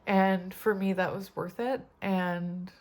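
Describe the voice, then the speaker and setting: A woman in her forties, chatting in a rambling, casual way with frequent soft laughs as she gives a tarot reading. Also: medium pitch, fairly even intonation, slow. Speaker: tarot reader.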